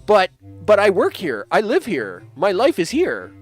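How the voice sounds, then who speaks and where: A man's voice: huge pitch swings, measured pace, faint music behind, exaggerated voice. A man voicing a whiny, desperate male hotel cleaner who pleads and protests in a raised voice. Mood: whiny, pleading. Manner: pleading, indignant, higher-pitched.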